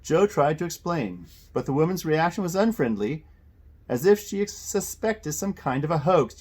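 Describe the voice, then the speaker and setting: A man reading a children's mystery novel aloud, expressive, with occasional self-corrections. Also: on the high side, moderate pace, husky. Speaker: audiobook reader.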